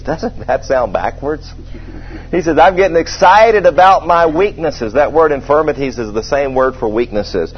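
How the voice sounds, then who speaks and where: A man preaching a sermon in a conversational way, asking the congregation questions and slowing down to stress scripture. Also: on the high side, animated, a little hiss or hum. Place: church service with a congregation. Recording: dull lo-fi sermon recording.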